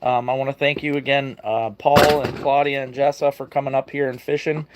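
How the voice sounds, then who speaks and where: A man's voice: mid-range voice, little pitch movement, fairly quick, very noisy. A man hosting a live stream for his fishing channel, sounding tired and chatting casually with viewers. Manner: tired, greets viewers by name, laughs often.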